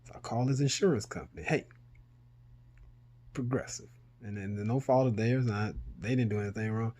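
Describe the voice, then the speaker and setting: Animated storytelling man. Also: fast talker. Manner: animated, swears freely, rises in pitch when retelling panic. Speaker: vlogger. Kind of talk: casual storytelling to camera.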